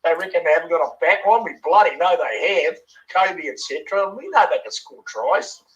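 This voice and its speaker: A man's voice: fairly high pitch, lively intonation, fairly quick, fairly bright tone, dull audio. A man in his sixties from New Zealand, rambling through a rugby voice message and dropping "bloody" and "eh?" into nearly every line. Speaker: caller sending a voice message.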